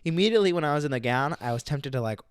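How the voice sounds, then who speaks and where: A man's voice: fairly high pitch, animated, racing, clear, resonant tone, dry recording. A young man co-hosting a podcast, telling rambling stories in casual chat, full of fillers, on a close dry mic. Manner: rambling storyteller, filler-heavy. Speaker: podcast co-host.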